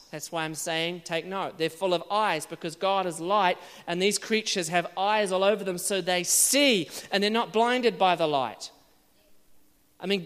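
A man preaching a sermon, animated and rising to shouted exclamations. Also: high voice, clear, resonant tone, long reverb tail.

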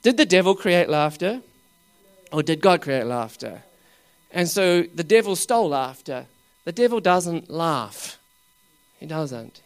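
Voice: mid-range voice, lively intonation, a little slow, pauses often. A preacher giving a humorous sermon, asking the crowd questions and laughing often. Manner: swings between loud exclaiming and dropping to quiet asides.

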